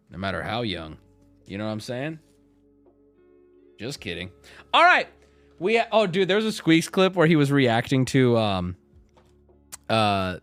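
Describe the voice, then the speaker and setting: Joking male streamer shouting at rare cards. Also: medium pitch. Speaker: streamer opening card packs. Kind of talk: casual live-stream chat.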